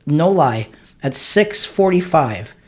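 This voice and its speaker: A man being interviewed as a guest, telling his story candidly with earnest emphasis and quick restarts. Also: on the high side, sing-song, husky. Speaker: podcast guest, author.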